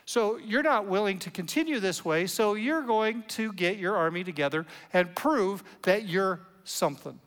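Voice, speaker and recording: Animated high-voiced preacher in a reverberant hall. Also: male voice, moderate pace, few pauses. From United States. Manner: animated, conversational preaching with playful asides. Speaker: pastor. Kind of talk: sermon.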